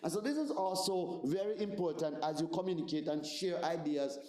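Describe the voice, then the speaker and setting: This man's voice is a little high and darkish, and he speaks briskly. He's a pastor in his forties with a Jamaican accent, leading a seminar conversationally, repeating himself and asking "right?" often, all in an echoey room.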